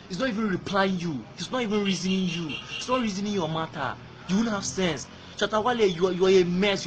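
A man's voice: high-pitched, slight background noise. A man from Nigeria with a Nigerian accent, ranting angrily in a video message, throwing insults and repeating himself while switching between Pidgin and English. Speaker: fan.

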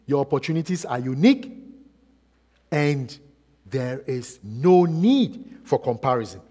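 A man preaching a sermon as pastor, asking repeated rhetorical questions and swinging between loud and soft. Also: a little high. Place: church. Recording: long church reverb.

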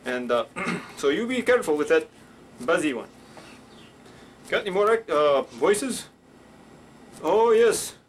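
A man's voice: a little high, big pitch swings, measured pace, long pauses, a little hiss or hum. Chatty man teaching puppet voices. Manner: rambling, chatty, playful. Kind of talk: instructional puppet show.

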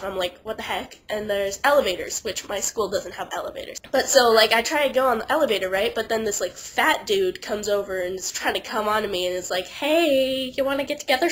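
A young woman with a stuffy nose from being sick, chatting casually to camera and telling a story in a rambling, animated way. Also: medium pitch, low-quality recording. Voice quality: nasal. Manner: chatty, animated, lots of "like", funny voices for quoted people. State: sick and congested. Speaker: vlogger.

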